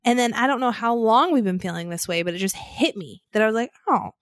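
A woman in her thirties co-hosts a relaxed podcast and tells lively stories about her children, breaking into laughter often. Her voice sits a little high and sounds close and dry. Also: quick pace, dry recording. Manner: animated storytelling, laughs often. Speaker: podcast co-host. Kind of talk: casual chat.

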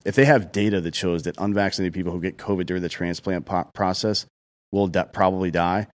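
Low-voiced guy on a podcast, blunt and heated, swears a lot. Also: fairly even intonation, a little fast. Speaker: podcast co-host. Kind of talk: casual profane opinion talk.

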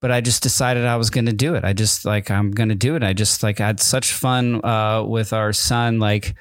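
A man's voice: on the low side, fairly even intonation, moderate pace, no room sound, clean studio sound. A man co-hosting a podcast in casual chat, rambling and hesitant with many fillers and restarts, with wry, amused asides. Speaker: podcast co-host.

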